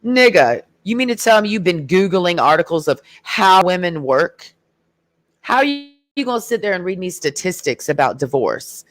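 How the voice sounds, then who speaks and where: A woman's voice: fairly low pitch, big pitch swings, normal speed. A woman ranting in a heated, sarcastic and profane way in a casual vlog. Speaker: vlogger. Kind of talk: casual rant.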